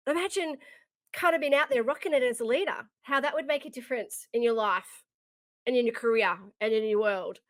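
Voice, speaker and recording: A woman's voice: high-pitched, no echo. A middle-aged woman hosting a motivational leadership podcast, talking in a heartfelt, emphatic way and repeating her key phrases. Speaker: leadership coach and podcast host.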